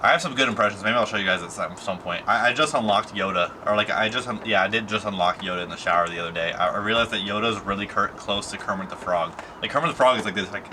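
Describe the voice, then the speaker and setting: A man's voice: fairly low pitch, fast talker, hardly any pauses. A young man chatting casually to his camera, rambling with lots of fillers and slang. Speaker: vlogger. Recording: steady background noise.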